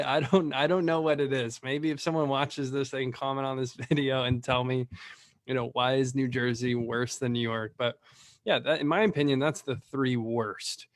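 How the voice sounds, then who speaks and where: A man who runs a lead-generation business, chatting casually and telling rambling, animated stories full of fillers. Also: mid-range voice, dry recording, studio quality.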